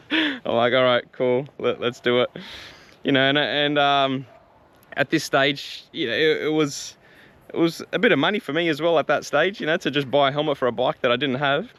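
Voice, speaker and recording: A young man casually retelling a personal faith story, chatty and quick to laugh, with lots of fillers and restarts. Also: fairly high pitch, expressive, fairly bright tone.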